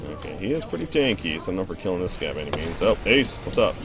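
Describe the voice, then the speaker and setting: A man's voice: low-pitched, fast, over music. A young man hosting a game stream, commenting on his own play and answering viewer questions in a chatty, rambling way. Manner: excitable, reacts loudly to plays, chatty and rambling. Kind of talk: live gameplay commentary and viewer Q&A.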